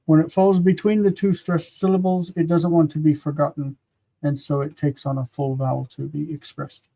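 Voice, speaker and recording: A teacher hosting a live-streamed grammar lesson, explaining slowly and patiently with frequent pauses and repeating words aloud. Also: mid-range voice, level tone, gravelly, mellow.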